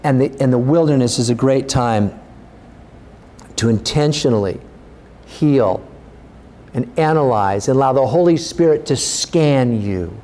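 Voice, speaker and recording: A male pastor preaching a sermon, earnest and urging, his voice rising as he exhorts the congregation. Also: dark tone. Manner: earnest, urging, rises in pitch when exhorting.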